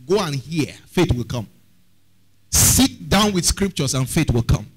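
A man's voice: a little high, lively intonation, measured pace, husky, rough recording. A man preaching a sermon as pastor, often asking the congregation questions.

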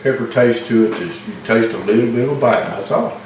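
A man, relaxed and affectionate, giving short replies while he tastes food at home. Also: medium pitch, a little fast, a little hiss or hum. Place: home kitchen. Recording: echoey kitchen, far from mic.

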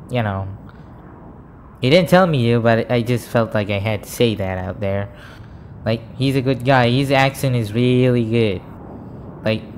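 A man giving excitable commentary over his own gameplay, cheering at kills and muttering asides between rounds. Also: mid-range voice, slight background noise. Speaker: gaming YouTuber. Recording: game music behind voice.

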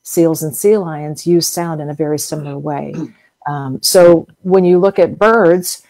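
A middle-aged woman from the US South, interviewed as a whale museum guest expert, explains at length in a chatty way, drawing on everyday comparisons and frequent fillers. She speaks a little slowly in a low, warm voice with a steady tone.

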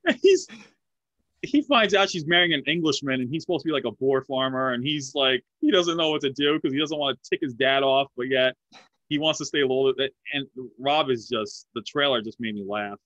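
Talking at a normal speed, this mid-range male voice sounds expressive and a bit bright. He's a US podcast host in his forties, a film lover who chats freely and laughs easily in a casual interview, heard on a dry, dull lo-fi recording with no echo.

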